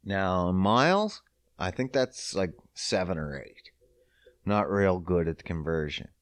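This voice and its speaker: A man from Prince Edward Island, Canada, hosts a podcast alone, ranting unhurriedly with constant swearing and mock outrage. When he gets riled up, his pitch swings loudly and animatedly, and there's no echo.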